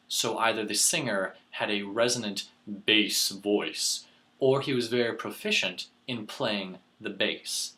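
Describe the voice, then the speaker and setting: A man teaching a lesson, explaining words clearly and deliberately, slowing down to spell them out letter by letter. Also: on the low side, sharp tone. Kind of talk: teaching demonstration.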